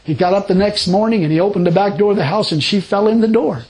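A married Christian man giving his testimony in a rambling, animated way, laughing often and acting out conversations. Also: sits high, quick pace, low-quality recording. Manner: animated, laughing storyteller who acts out dialogue; rambling with frequent restarts.

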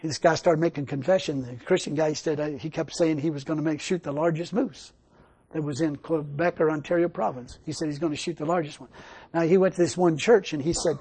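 Man preaching, high voice, husky, emphatic storyteller. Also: fairly even intonation, brisk, a little mellow. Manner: storytelling, emphatic, laughs often. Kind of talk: sermon.

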